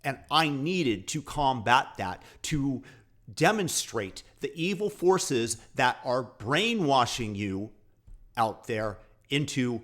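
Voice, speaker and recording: A man's voice: medium pitch, very animated, takes it slowly, a bit bright. A man hosting his channel, giving earnest, argumentative commentary to camera. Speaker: channel host.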